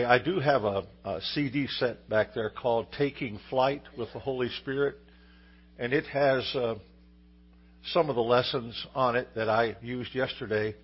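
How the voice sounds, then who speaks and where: Husky preacher man telling a story. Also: mid-range voice, highs cut off. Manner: easygoing storyteller with fillers and restarts. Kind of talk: sermon with a told joke story.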